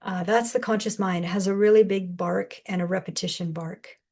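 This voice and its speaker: Animated woman sharing spiritual guidance. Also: mid-range voice, normal speed. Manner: rambling, animated, acts out quoted voices with laughs. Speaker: spiritual channeler guest. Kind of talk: casual spiritual guidance talk.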